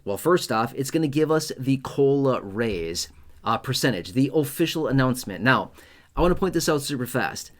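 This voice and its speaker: A man hosting an online explainer about retirement benefits, speaking straight to his viewers in an emphatic, repetitive way and often checking in with "okay?". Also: mid-range voice. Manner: speaks straight to viewers, addressing their comments. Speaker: YouTube host on retirement benefits. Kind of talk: direct-to-camera explainer talk.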